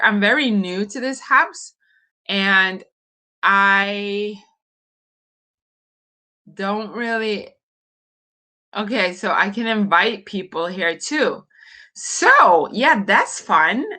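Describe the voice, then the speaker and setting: A woman's voice: fairly low pitch, sharp tone. A middle-aged woman from Norway chatting casually on a live morning stream, rambling with lots of fillers and small laughs.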